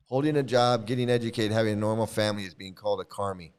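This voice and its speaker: A man's voice: fairly low pitch, clean tone. A middle-aged man casually telling a rambling story as a video host, chuckling and restarting often. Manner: rambling, chuckling, restarts, mimics people he quotes. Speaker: commentary video host, former devotee.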